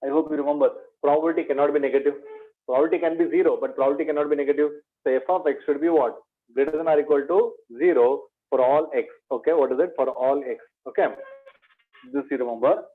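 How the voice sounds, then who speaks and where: A man's voice: fairly high pitch, fairly even intonation, fast, phone-quality sound. A man teaching an exam revision lecture in maths, repeating key points, asking rhetorical questions and calling his students "my dear".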